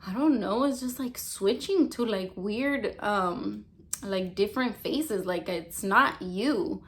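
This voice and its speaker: A woman's voice: medium pitch, takes it slowly. Woman quoting a baffled young guy. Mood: alarmed. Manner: incredulous questioning. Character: puzzled young man, friend, baffled and alarmed.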